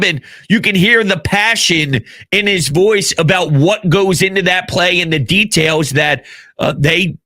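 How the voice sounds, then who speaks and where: A passionate man talks sports in a high, very bright voice, shouting out his biggest points. The sound is dry and close, with no room around him. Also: no echo. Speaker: sports commentator. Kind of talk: fired-up sports opinion talk.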